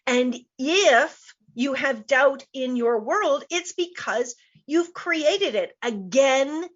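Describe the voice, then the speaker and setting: A woman's voice: high-pitched, expressive, takes it slowly, lo-fi sound. A woman business coach hosting a live online show, speaking emphatically and repeating her key points. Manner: emphatic, repeats key phrases, laughs easily.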